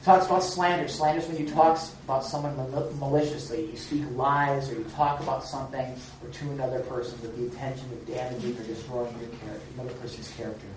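Man leading a Bible study, animated and playful; far, roomy sound. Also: mid-range voice, quick pace, hardly any pauses, a little hiss or hum. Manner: animated, jokey, acts out quotes. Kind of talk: church teaching with group discussion. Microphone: room mic from a distance. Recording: echoey hall, far from the mic.

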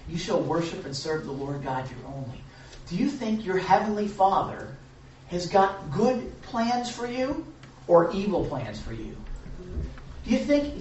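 A preacher leading an informal Bible study, animated and repetitive with jokey asides. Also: mid-range voice, dull audio. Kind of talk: informal sermon. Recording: echoey room from far off, faint noise.

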